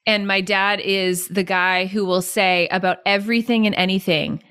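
A woman talking in a relaxed podcast conversation. She is an entrepreneur and tells stories with lively energy, often jumping up in pitch to act out what others said. Her voice sits in the middle range. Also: normal speed, clear, resonant tone. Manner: animated, acts out quoted voices with high pitch jumps. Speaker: entrepreneur and guest.

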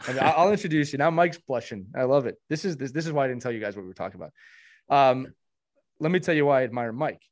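A man hosting a hockey podcast, chatting casually and warmly, with frequent restarts and repeated words. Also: medium pitch, expressive, fast talker. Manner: warm, rambling, many restarts. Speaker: podcast host.

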